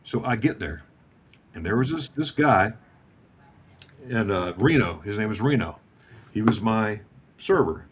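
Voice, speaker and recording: Telling a casual travel story over a video call, this man in his fifties is animated, acting out dialogue with lively swings in pitch. Still, his pace is measured, with long pauses, and slight background noise sits behind him.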